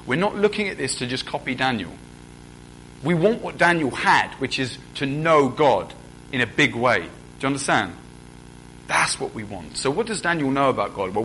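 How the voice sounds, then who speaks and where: Young man, mid pitch, preaching casually, faint rumble behind. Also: fairly bright tone, poor audio. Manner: conversational, asks the congregation questions. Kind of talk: sermon.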